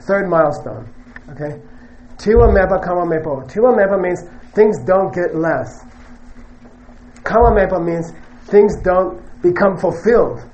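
A man's voice: high-pitched, animated, measured pace, a little mellow, dull audio. A man giving a Buddhist teaching to a live audience, conversational and joking, who often stops to check in with "okay?" and "you know". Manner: joking, emphatic asides.

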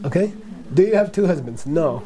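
Playful high-voiced male Buddhist teacher. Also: expressive, moderate pace, dark tone. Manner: playful, repetitive, acts out dialogues, laughs often. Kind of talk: teaching talk to a live audience.

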